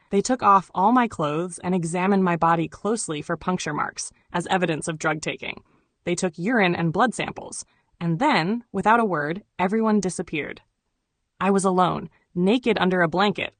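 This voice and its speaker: Woman reading a memoir audiobook, kinda low voice, steady and even, dry close sound. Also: no echo. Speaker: audiobook narrator. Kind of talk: scripted memoir narration.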